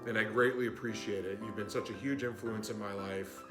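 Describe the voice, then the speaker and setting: Man, heartfelt video message, grateful and warm, roomy sound, music underneath. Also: on the low side, fairly even intonation, fairly quick. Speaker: nephew sending birthday wishes.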